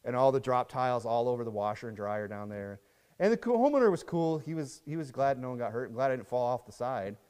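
A man delivers a sermon in a loose, chatty manner, breaking up scripture readings with asides and tag questions. His voice sits at a middling pitch. A long reverb trails each phrase, as in a church hall. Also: very animated, quick pace, a little mellow, clear, resonant tone. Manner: reads scripture aloud in King James wording. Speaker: pastor.

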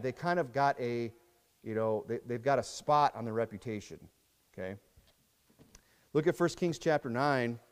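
A man delivers a sermon in a loose, chatty manner, breaking up scripture readings with asides and tag questions. His voice sits at a middling pitch. A long reverb trails each phrase, as in a church hall. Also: a little mellow. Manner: reads scripture aloud in King James wording. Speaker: pastor.

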